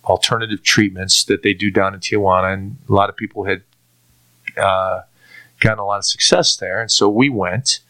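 Earnest, halting middle-aged man, bright tone. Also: low voice, fairly even intonation. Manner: earnest, halting, many restarts and repeated words. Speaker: testimony speaker. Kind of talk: personal faith testimony.

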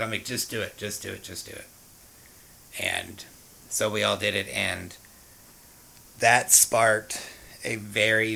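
A man's voice: sits low, gravelly, bright, forceful tone, a little hiss or hum, rough recording. A man frankly telling the story of his past drug use, rambling with fillers and restarts. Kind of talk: candid personal storytelling.

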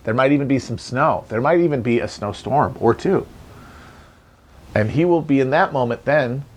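Man, mid-pitched voice, sardonic, profane, rambling political monologue. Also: moderate pace. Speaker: commentator host. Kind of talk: casual political commentary.

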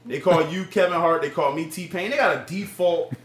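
A man's voice: fairly high pitch, normal speed, reverberant. A man co-hosting a casual podcast chat, joking bluntly. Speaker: podcast co-host.

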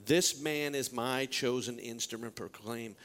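A man voicing God as a firm, measured figure who gives plain orders. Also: medium pitch, fairly bright tone, slight background noise, voice pushed down, lightly acted, low-quality recording.

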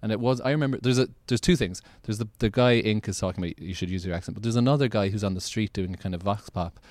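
An Irish man hosts a casual podcast chat with a low, unhurried voice. He wanders through his thoughts, restarting sentences and leaning on fillers. The sound is dry and close. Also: darkish tone, no room sound. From Ireland. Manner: rambling, many restarts and "like" fillers. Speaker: podcast host.

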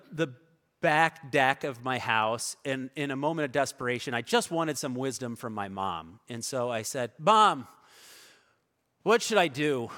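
A man preaching a sermon as pastor, telling stories in a conversational way that swings between loud and soft. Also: medium pitch. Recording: long reverb of a large hall.

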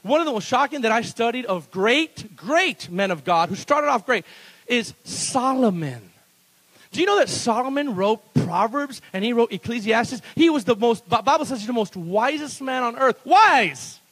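A man preaching a sermon as pastor at a church service, animated and playful, breaking into laughs between bold declarations. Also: very high-pitched, moderate pace, husky, low-quality recording.

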